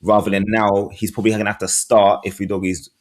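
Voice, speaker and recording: A man's voice: fairly low pitch, level tone, fast talker. A man, co-hosting a football podcast in casual chat, earnest, with plenty of ums. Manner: earnest, fillers, talks it through. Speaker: podcast co-host, football fan.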